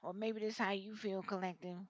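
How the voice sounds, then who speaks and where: A woman's voice: medium pitch, steady tone, brisk, dry recording, highs cut off. Blunt, cussing woman reading tarot. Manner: blunt, slangy and openly vulgar; rambling, with frequent restarts. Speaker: tarot reader. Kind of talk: casual tarot reading monologue.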